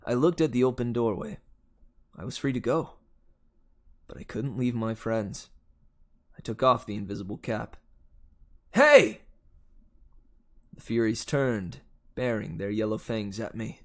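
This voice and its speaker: A man reading a novel aloud, with steady first-person narration. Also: fairly low pitch, normal speed. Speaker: audiobook reader.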